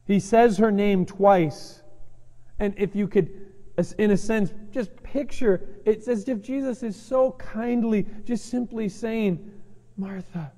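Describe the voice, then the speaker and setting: A man's voice: high voice, slow pace. A preaching man in a reverberant church. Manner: earnest, emphatic preaching that swings between loud urgency and soft gentle stretches. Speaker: pastor. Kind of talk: sermon. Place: church sanctuary.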